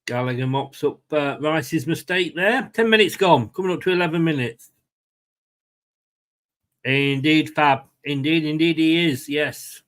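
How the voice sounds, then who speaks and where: A man's voice: on the high side, measured pace, a bit bright. A man hosting a casual live watchalong, commenting on play and chatting with viewers by name. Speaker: fan channel host.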